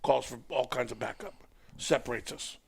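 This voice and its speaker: A middle-aged former wrestler, appearing as a podcast guest, tells a story in casual chat with a creaky, husky mid-range voice at normal speed. He's an animated storyteller who acts out the voices of the people involved.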